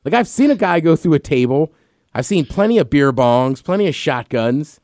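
A man in his thirties co-hosts a podcast, chatting casually, telling rambling stories, and laughing often. His voice is fairly high and slightly mellow with lively intonation and a moderate pace, recorded in a clean studio with no room sound.

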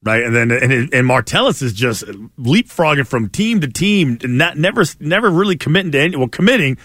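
A man's voice: on the high side, big pitch swings, a bit bright, no echo, studio quality. A man co-hosting a sports talk show, wisecracking and mocking in casual banter. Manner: wisecracking, mocking, quick jokes. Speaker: sports radio co-host.

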